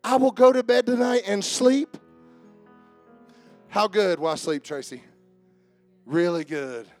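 A pastor delivers a sermon in a somewhat high voice. He moves between fervent shouting and quiet, earnest calls to prayer. A guitar plays faintly behind him. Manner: shouting, fervent preaching that drops to a hushed prayer.

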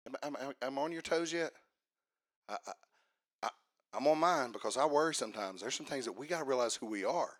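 A man preaching a fiery sermon, swinging from hushed asides to shouted emphasis. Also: medium pitch, animated, fairly quick, long pauses.

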